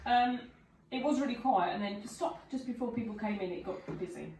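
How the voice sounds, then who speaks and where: A woman's voice: a little high, moderate pace. A woman chatting casually at home with her partner, giving matter-of-fact, dry replies. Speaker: vlogger's partner. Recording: echoey room with background chatter.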